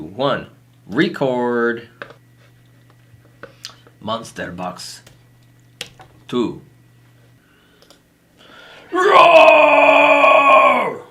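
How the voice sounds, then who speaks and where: A man's voice: fairly low pitch, slight background noise. A man talking to himself in a playful, self-mocking way while recording sound effects for a video. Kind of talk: casual self-talk while working.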